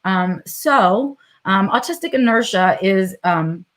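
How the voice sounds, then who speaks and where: A woman's voice: medium pitch, lively intonation, slow pace. Candid, swearing New York woman vlogging. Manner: candid and profane, with frequent fillers and acted inner monologue. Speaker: vlog host. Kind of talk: unscripted live vlog talk.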